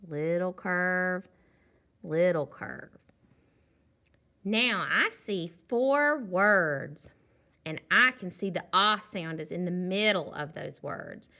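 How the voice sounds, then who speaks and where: A woman's voice: medium pitch, animated, pushed and bright. A woman teaching young children a phonics lesson for a virtual class, patiently sounding out short words and praising them. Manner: slow, drawn-out sounding out of words. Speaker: kindergarten teacher.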